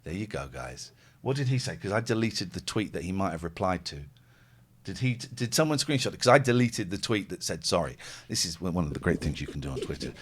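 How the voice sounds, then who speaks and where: A man's voice: low voice, fairly quick, slightly rough. A man hosting a live radio phone-in, chatting casually and telling rambling stories. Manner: animated, rambling storyteller. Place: radio studio streamed live.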